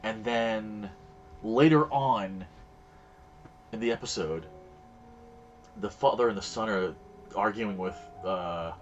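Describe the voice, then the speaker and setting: A man's voice: fairly low pitch, lo-fi sound. Rambling man streaming a game. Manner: rambling storyteller, acts out quoted voices. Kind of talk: casual chat while gaming.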